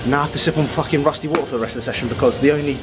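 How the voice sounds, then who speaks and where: A man's voice: fairly high pitch, rapid-fire, noisy background. Sweary bloke vlogging from his car. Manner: profane, blokey banter. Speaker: fitness vlogger and coach. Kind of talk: casual vlog chat. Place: parked car in a car park.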